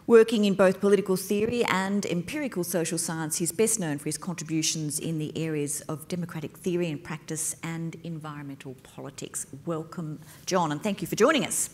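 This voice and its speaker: Lively woman moderating a panel. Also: sits low, brisk, few pauses. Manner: lively, playful asides while reading bios. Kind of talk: live panel introduction. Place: stage at a university event.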